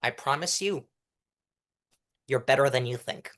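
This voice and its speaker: A man's voice: mid-range voice, unhurried. A young man, a guest in a casual interview, talking animatedly and acting out delivery styles as he coaches. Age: young adult. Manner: animated, demonstrates delivery styles mid-sentence. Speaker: guest, mock trial competitor.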